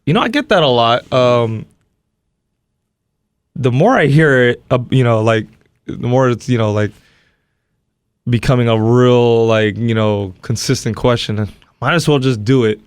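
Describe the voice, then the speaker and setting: A man's voice: mid-range voice, measured pace, pauses often, smooth, no room sound. A man from Hawaii, a comedian and guest, chatting in a laid-back, easygoing way and laughing often. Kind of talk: casual interview chat.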